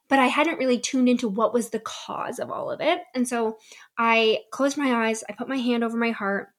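A woman's voice: fairly high pitch, fairly quick. A young adult woman from the United States hosting her own podcast, telling a personal story in a candid, reflective way. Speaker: podcast host. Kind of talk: solo podcast talk.

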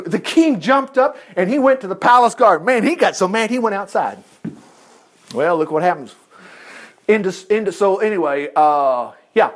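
A man teaching a Bible lesson in an animated way, chuckling and making chatty asides. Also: sits high.

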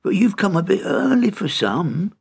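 A man voicing a huge, suspicious innkeeper who booms and roars in a storybook reading. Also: big pitch swings, moderate pace, creaky, darkish tone, slightly rough, full character voice. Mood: gruff. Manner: booming, roaring. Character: enormous angry innkeeper man, booming and suspicious.

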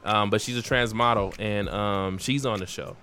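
Bright-voiced young man, animated chat. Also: fairly low pitch, moderate pace, smooth. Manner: animated, swears a lot, says "bro" often. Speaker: podcast co-host. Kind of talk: casual chat.

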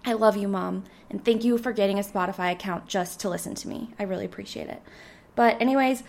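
A woman in her twenties hosting a casual solo podcast, slightly hoarse, rambling and chatty with lots of filler words. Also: medium pitch, fast talker, a little mellow. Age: 20s. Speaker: podcast host.

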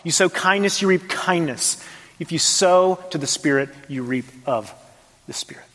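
Male pastor, high voice, emphatic sermon delivery in a reverberant church hall. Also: lively intonation, moderate pace, bright, forceful tone. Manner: emphatic, varied dynamics, rhetorical questions. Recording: long reverb of a large hall.

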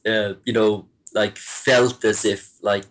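Guest: Irish man from Limerick, lowish voice, halting and full of restarts, relaxed chat. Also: slight background noise. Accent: Irish, softened by years abroad. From Ireland, Limerick. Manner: hesitant, many restarts and fillers, chuckling. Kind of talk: casual interview chat.

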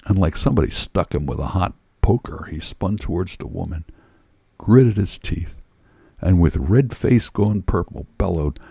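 Man reading a story, very deep voice, gravelly fry, dark husky tone, dry sound, faint music behind. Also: expressive, normal speed, no echo. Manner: wry first-person storytelling. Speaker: narrator.

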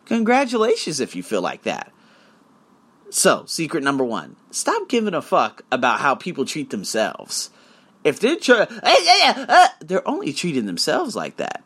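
A young man hosting a podcast, telling stories in a casual, profane way and acting out quotes. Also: fairly high pitch. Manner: animated, profane, acts out quotes. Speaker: podcast host. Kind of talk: casual storytelling monologue.

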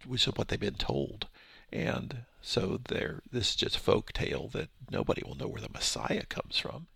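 A man's voice: mid-range voice, vocal fry, fairly bright tone, breathy edge, dry recording. A man giving a casual verse-by-verse Bible teaching, explaining with rhetorical questions and his own paraphrases.

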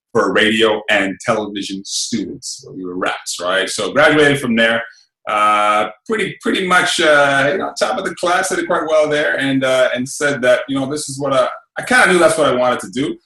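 A middle-aged man, raised in England, chatting in a relaxed, rambling way as an interview guest, full of fillers and tag questions. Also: mid-range voice, echoey room, low-quality recording. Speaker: radio host guest. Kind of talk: casual interview.

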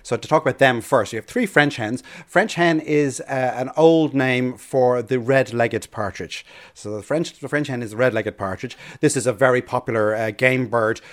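An Irish man, a bird expert and radio guest, explaining keenly in casual chat, often restarting and repeating words. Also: mid-range voice. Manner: fast, eager, with many restarts and repeated words.

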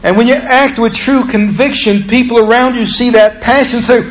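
A man preaching a sermon as pastor, swinging between emphatic raised lines and hushed low drops. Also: fairly even intonation, moderate pace, hardly any pauses, rough recording.

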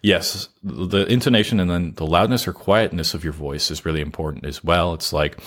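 A man being interviewed on a podcast, earnestly explaining his advice with deliberate pauses. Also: deep voice. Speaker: podcast guest giving advice on content creation. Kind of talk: casual interview chat.

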